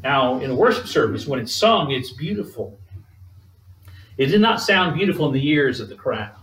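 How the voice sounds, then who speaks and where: A man preaching a sermon in a measured, emphatic way, drawing spoken responses from the congregation. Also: mid-range voice, sing-song, fairly bright tone. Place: church sanctuary. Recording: echoey room, distant mic.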